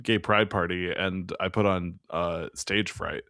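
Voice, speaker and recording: A man's voice: sits low, steady tone, measured pace, gravelly, fairly bright tone, no echo, studio quality. A man co-hosting a podcast, recapping a film in casual, jokey chat full of fillers. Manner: rambling, jokey, many fillers. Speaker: podcast co-host.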